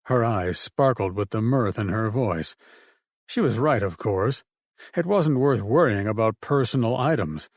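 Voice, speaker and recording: A man reading an audiobook in a steady, measured narration. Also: fairly low pitch, no room sound, clean studio sound. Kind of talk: scripted narration.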